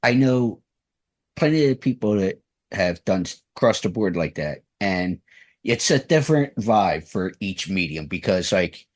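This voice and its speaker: A man's voice: deep voice, expressive, measured pace. A man hosting an interview show, asking long, rambling questions with restarts. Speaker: radio show host.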